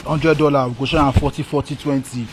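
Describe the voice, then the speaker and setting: A man speaking Nigerian Pidgin in a comedy skit, loud and bantering, dropping in Yoruba phrases. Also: mid-range voice, steady tone, quick pace, background noise. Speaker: skit actor.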